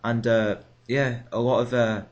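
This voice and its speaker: A young man chatting casually, halting often with uhs. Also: mid-range voice, little pitch movement, highs cut off. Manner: hesitant, halting, many uhs. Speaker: podcast co-host. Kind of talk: casual chat.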